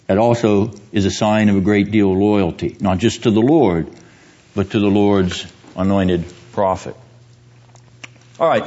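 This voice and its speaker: A man's voice: mid-range voice, highs cut off. A man teaching a seminary class on the Bible, quizzing his students and driving points home by repeating them.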